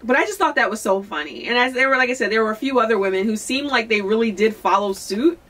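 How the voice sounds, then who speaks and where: A young adult woman from Philadelphia tells a personal story to her vlog audience. She is casual and candid, with a lively, animated delivery. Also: on the high side, fast. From Philadelphia, USA. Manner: chatty, candid, animated, quotes people in lively voices. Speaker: singer-songwriter vlogger.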